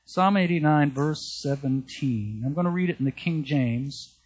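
A man's voice: fairly high pitch, moderate pace, husky. A man preaching a sermon, speaking earnestly, repeating key phrases and reading Bible verses aloud. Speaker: pastor.

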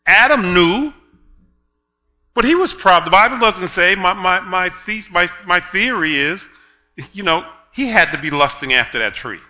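A man preaching a sermon, telling a story with laughs, then reading scripture slowly and building to loud emphatic points. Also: high voice, expressive. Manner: drawn-out, slow reading of scripture.

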